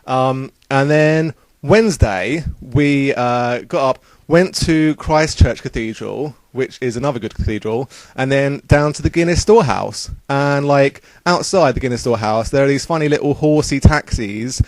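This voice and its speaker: A man's voice: medium pitch, normal speed, hardly any pauses, no echo. A young man casually recounting a trip in a rambling, upbeat way, full of fillers. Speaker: vlogger. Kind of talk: casual travel vlog.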